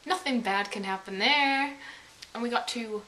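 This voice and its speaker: A young woman telling a story to the camera in casual, dramatic bursts, swearing and sometimes yelling. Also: on the high side, measured pace, a little hiss or hum. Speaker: vlogger.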